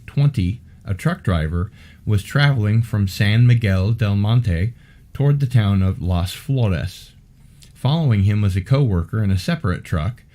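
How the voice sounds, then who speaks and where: A man hosts a podcast and reads case reports aloud at an even pace. His voice is somewhat low with a relaxed, warm tone. He slips dry, wry remarks in between the passages he reads. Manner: dry, wry asides between steady reading. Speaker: podcast host.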